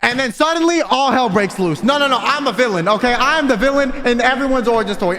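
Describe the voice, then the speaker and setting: A young man telling a storytime in a casual, exasperated rant, swinging between loud bursts and mumbles. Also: very high-pitched, fast talker, hardly any pauses, faint music behind. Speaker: vtuber storyteller.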